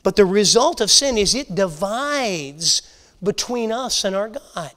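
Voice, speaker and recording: A man teaching a Bible lesson to a church class, earnest and halting, often restarting his sentences. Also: sits high, expressive, fairly bright tone. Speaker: Sunday school teacher.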